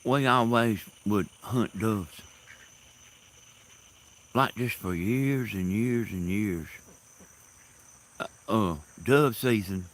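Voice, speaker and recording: A man telling rambling stories in a casual monologue, halting and laughing loudly at his own tales, recorded outdoors in the countryside. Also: lowish voice. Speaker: host. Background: crickets and insects.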